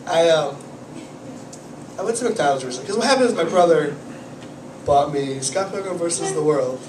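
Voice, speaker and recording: The comedian has a cold and rambles through a self-mocking set, fretting and swearing as he goes. His slightly high, somewhat dark voice moves at normal speed with lively intonation. Recorded from the audience at a small cafe comedy night, the sound is echoey and noisy, the camera positioned far away.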